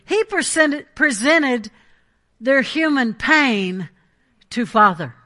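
A woman's voice: high-pitched, animated, slow, bright, forceful tone. A woman preaching a Pentecostal sermon, emphatic and conversational, often checking in with the congregation.

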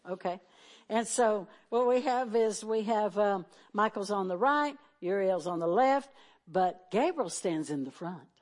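A woman's voice: a little high, darkish tone. A woman preaching a sermon in a conversational way, talking to the congregation directly, reading scripture aloud and drawing out key phrases for emphasis.

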